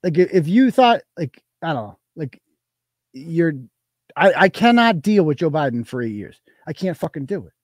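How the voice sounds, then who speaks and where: Swearing nonstop, a live-show host rants heatedly about politics and keeps restarting mid-sentence. He speaks at a normal speed in a fairly high, sing-song male voice, captured in clean, echo-free studio sound.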